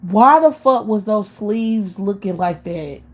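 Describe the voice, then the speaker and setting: A woman's voice: mid-range voice, expressive, takes it slowly. A woman, hosting a live stream, ranting scornfully and bluntly with lots of cursing and repetition. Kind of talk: profane casual rant.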